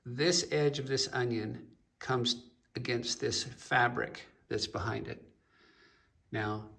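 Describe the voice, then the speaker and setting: A man teaching a painting lesson, explaining at an unhurried pace while pointing at his work and mixing in stories. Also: medium pitch, gravelly, fairly bright tone, distant mic. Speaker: painting instructor.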